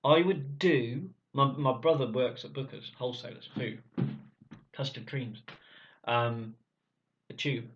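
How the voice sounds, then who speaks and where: A gruff man telling his own story bluntly, swearing freely in casual speech. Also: mid-range voice, measured pace, long pauses, slight background noise. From Cornwall, England. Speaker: vlogger. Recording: dull lo-fi sound.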